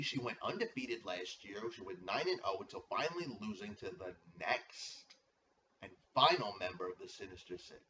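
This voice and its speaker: A man hyping up his fantasy football league like a ring announcer, his voice swinging wildly up and down and sounding bright and cutting. He is recorded from a distance on dull, lo-fi audio with a faint hiss underneath. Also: medium pitch. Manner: hype-man name announcing, stretched shouted intros and profane rants.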